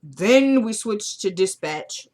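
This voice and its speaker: A woman's voice: mid-range voice, lively intonation, takes it slowly, a little mellow. A woman vlogger talks through a TV episode in a loose, casual recap. She is chatty and opinionated and drops in slangy asides.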